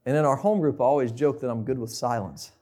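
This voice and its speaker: A man's voice: mid-range voice, quick pace, a little mellow. A young man preaching a conversational sermon, asking the listeners questions.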